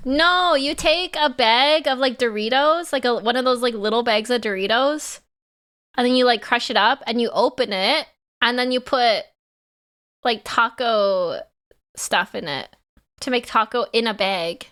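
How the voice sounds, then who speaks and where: A woman's voice: on the high side, a little slow, fairly bright tone, clean tone. A woman streamer with a Canadian accent, chatting playfully with her viewers and laughing often. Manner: playful, giggly, talks back to chat. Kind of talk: casual live-stream chat with viewers.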